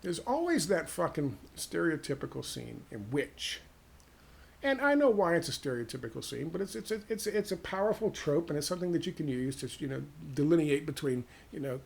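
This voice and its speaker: A man with an American accent giving a heated, profane political monologue, firing off rhetorical questions and dropping to hushed tones. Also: on the high side, expressive, moderate pace, vocal fry, breathy edge. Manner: ranting, drops to hushed tones. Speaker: political commentator.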